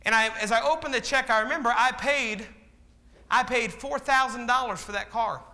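Preaching at normal speed in an extremely high, bright, forceful voice, this pastor quizzes his congregation in call-and-response fashion and performs the quoted voices of the people in his stories. A long hall reverb surrounds the sound.

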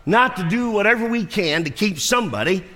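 A man's voice: sits high, lively intonation, a little fast, pushed and bright. A man preaching a sermon, telling stories animatedly and acting out the voices of the people in them. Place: church sanctuary. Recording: long church reverb.

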